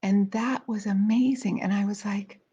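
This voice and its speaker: On her weekly live video, a speaker trainer in middle age shares a personal story casually, with plenty of fillers and restarts. Her voice is mid-range, steady, warm and a bit breathy at a moderate pace, captured in slightly dull, lo-fi audio.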